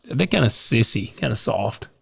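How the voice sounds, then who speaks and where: Southern American male podcast co-host, gravelly, relaxed joking banter. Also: medium pitch, normal speed, no echo. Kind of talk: casual podcast chat.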